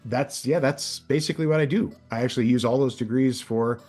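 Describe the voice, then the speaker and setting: A man talking shop as an interview guest, a working voice actor who can't explain a voice without doing it. His pitch keeps leaping up high and dropping low as he demonstrates, over an ordinary mid-range speaking voice. The talk stays loose and chatty. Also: fairly quick, a little mellow, soft background music. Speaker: audiobook narrator and voice actor, guest. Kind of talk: casual interview chat.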